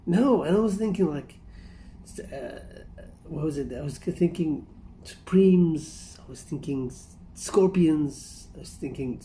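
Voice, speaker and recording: A man's voice: fairly high pitch, lively intonation, unhurried, mellow, slight background noise. A man hosting a casual reaction commentary, rambling and amused, often breaking into laughter. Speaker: reaction video host.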